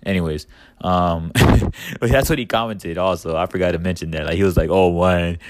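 Low-voiced man ranting on a podcast. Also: fairly quick, no echo, clean studio sound. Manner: profane, rambling, heavy use of "like" and "man"; heated ranting bursts. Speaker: podcast host. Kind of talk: casual podcast monologue.

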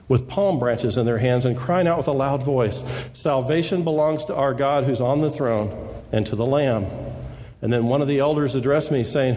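A man's voice: mid-range voice, a little mellow, in a large hall. A man preaching a sermon, earnestly explaining and reading scripture aloud. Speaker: pastor.

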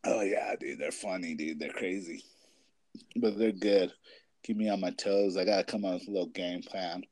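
Laid-back low-voiced guy rambling. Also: fairly even intonation, moderate pace, darkish tone, no echo. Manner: rambling, heavy filler words and swearing. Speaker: parent and kids' basketball coach. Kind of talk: casual chat.

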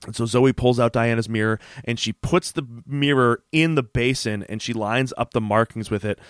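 A man at a middle pitch casually walks through a TV episode's plot, slipping into quoted lines as he goes. His voice is close and dry, with no room sound around it. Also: moderate pace, clear, resonant tone, dry recording. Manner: animated retelling with quoted voices and laughs. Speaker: podcast co-host. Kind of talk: casual chat recapping a TV episode.

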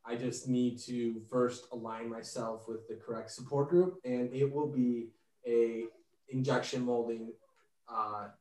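A man's voice: mid-range voice, fairly even intonation, measured pace, a little mellow, reverberant, distant mic. A man hosting a casual podcast, joking and laughing often. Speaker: podcast host.

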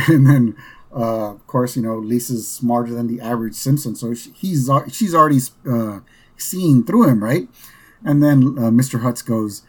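A man's voice: mid-range voice, animated, measured pace, husky. A man hosting a podcast, casually recapping a cartoon episode in a rambling way, with lots of fillers and "right?" asides. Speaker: podcast host.

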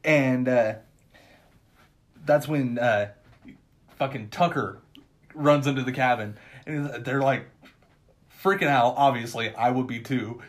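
A man in a loose, casual chat retells a movie scene by scene. He peppers it with curses, laughs, and quick, high character impressions. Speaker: co-host recapping a movie.

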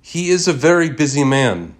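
A man's voice: fairly high pitch, very animated, normal speed, voice pushed up. A man voicing a young male college student working as a barista, speaking politely with a thick accent. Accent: thick foreign accent. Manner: courteous, deferential.

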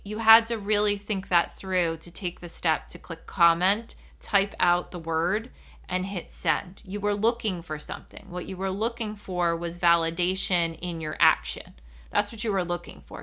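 Bright, forceful woman hosting a solo podcast; bouncy, tangent-prone, laughs through awkward moments. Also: on the low side. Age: adult. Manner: animated, rambling, giggles when uncomfortable. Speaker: podcast host.

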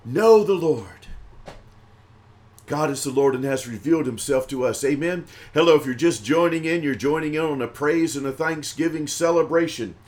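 A man preaching a livestreamed praise sermon in a rhythmic, repetitive, exhorting way, swelling louder on lines of praise. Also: on the high side, a little fast, hardly any pauses.

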